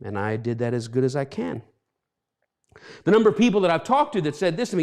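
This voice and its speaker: A man's voice: a little high, sing-song, quick pace, a little mellow. A pastor in his fifties preaching a reflective sermon, earnest and stumbling over repeated words as he talks. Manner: acts out quoted voices.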